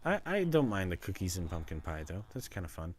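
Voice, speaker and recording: A man's voice: sits low, very animated, fairly quick, husky. A man streaming himself playing a game, casually narrating what he does and chatting to the animals in it. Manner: rambling self-narration, chatting to pets. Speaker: livestreamer. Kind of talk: casual gameplay commentary.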